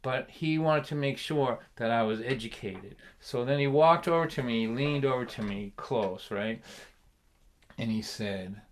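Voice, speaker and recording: A middle-aged man from from there, telling a comic story in an animated way, laughing often and peppering it with "like" and "right?". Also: medium pitch, measured pace. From Lynn, Massachusetts. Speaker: folk singer and storyteller.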